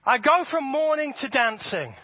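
A man preaching a sermon to his congregation, animated and often repeating words as he builds his points. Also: very high-pitched, moderate pace, no room sound. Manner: animated, repeats words, acts out voices for effect. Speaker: pastor. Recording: dull, dry sound.

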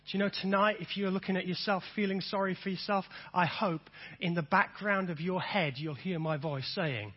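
A middle-aged man preaching a sermon with a high, husky voice. He hammers home his points by repeating lines and calling the congregation to answer back. The sound is dull and a little lo-fi. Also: moderate pace. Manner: emphatic, repeats phrases and has the audience say them back.

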